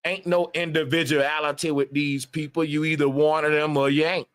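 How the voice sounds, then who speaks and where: A man's voice: a little high, little pitch movement, moderate pace, a bit bright. A man on a livestream, ranting emphatically with a lot of profanity and repetition. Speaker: live streamer. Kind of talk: casual livestream rant.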